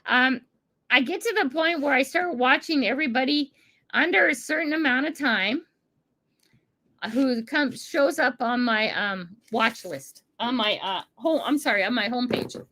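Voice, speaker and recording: Her tone is bright and forceful, her voice high-pitched and her pace moderate. She's an older American livestream host chatting casually with viewers, reading chat and laughing a lot.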